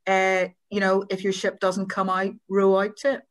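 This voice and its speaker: A woman's voice: mid-range voice, completely flat delivery, moderate pace, few pauses, fairly bright tone, clear, resonant tone. A Northern Irish woman journalist speaking earnestly and self-deprecatingly on a panel. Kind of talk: reflective panel talk.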